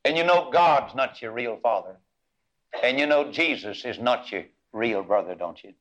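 A man voicing the devil as a sly tempter, dropping low and quiet to needle. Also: animated, normal speed, muffled recording, lightly acted. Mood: taunting.

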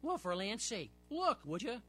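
A man voicing a stubborn, bossy, chubby boy on a fishing trip, talking in excited, bossy shouts. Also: high-pitched, moderate pace, slightly rough, full character voice.

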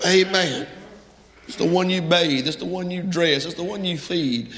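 A man preaching a fervent sermon in a church, rising to loud, emphatic peaks. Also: high-pitched, moderate pace, slight background noise. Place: church sanctuary. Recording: echoey hall from far off.

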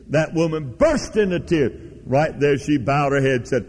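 A man's voice: fairly high pitch, lively intonation, moderate pace, darkish tone. A man preaching a revival sermon, telling a story and then driving home his points with fervent emphasis. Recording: reverberant hall.

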